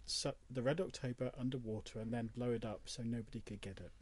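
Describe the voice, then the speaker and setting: A man's voice: mid-range voice, fairly even intonation, fast talker, a little mellow, slightly rough, no echo. Matter-of-fact man adding details. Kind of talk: casual chat.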